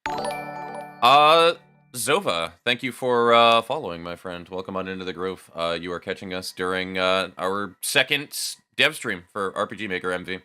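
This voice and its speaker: A man's voice: low-pitched, normal speed, bright, forceful tone, clear, resonant tone, soft background music. A man casually chatting on a live game dev stream, swearing freely and talking to his chat.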